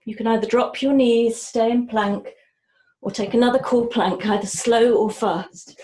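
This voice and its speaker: A woman yoga teacher calmly guiding a class through breathing and movement, cueing each breath. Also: on the high side, roomy sound, poor audio. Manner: slow, soft-spoken cueing of breath and movement. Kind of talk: guided yoga class instruction.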